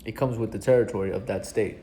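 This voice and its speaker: A man's voice: lowish voice, fairly even intonation, fast talker, mellow, a little hiss or hum. A young adult man coaching viewers in a casual vlog, earnest and blunt, swearing casually and repeating himself for emphasis. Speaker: self-help coach.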